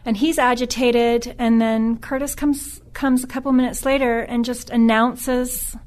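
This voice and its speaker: A woman's voice: fairly high pitch, fairly even intonation, a little mellow. A middle-aged woman who is a podcast guest, telling a personal story in a subdued, earnest way that often stops and restarts. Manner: halting, with frequent restarts.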